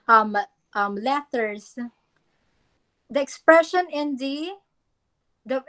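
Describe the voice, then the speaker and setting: A woman teaching a class, instructing students on reading a poem aloud, modeling pronunciation and calling on students by name. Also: fairly high pitch. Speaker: English teacher.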